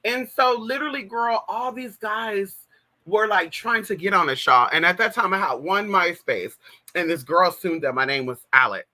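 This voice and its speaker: With a sharp tone and an expressive, mid-range voice at normal speed, a trans woman in her 30s from California gossips on her casual livestream. She addresses viewers directly, saying "girl" and "y'all" a lot, over a plug-in mic.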